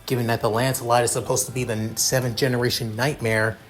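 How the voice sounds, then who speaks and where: A man's voice: mid-range voice, flat delivery, fast, faint music behind. A man improvising a fan fiction narration, rambling with many restarts.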